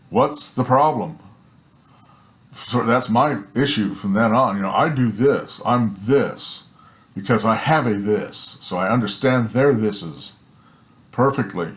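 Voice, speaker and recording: A man casually telling a personal story in a rambling, animated way, swearing, often laughing, and checking in with "right?" and "you know". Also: lowish voice, a little slow.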